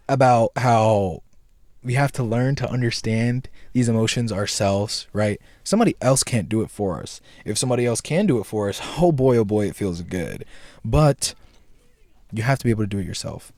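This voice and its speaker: A man's voice: mid-range voice, darkish tone, no echo. A young man hosting a casual commentary video, rambling in slangy talk and often checking in with his listener. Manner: rambling, slangy, keeps asking "right?". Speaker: video essay host.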